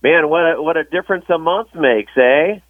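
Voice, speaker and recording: A man's voice: on the high side, moderate pace, no echo. A man co-hosting a live radio show from home, laid-back and chatty. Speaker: radio co-host. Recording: tinny phone line from home.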